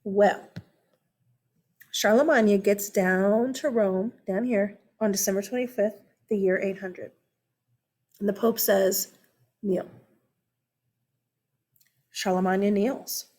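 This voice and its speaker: An American woman giving a casual, animated history lesson, chatty and full of asides and check-ins. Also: medium pitch, measured pace. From United States. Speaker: history teacher. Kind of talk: casual classroom-style lecture.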